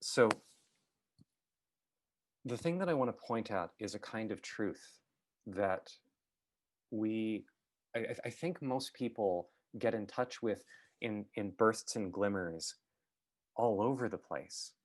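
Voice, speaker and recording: A man giving a reflective talk as a guest speaker, thoughtful and halting, with many fillers and restarts. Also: lowish voice, expressive.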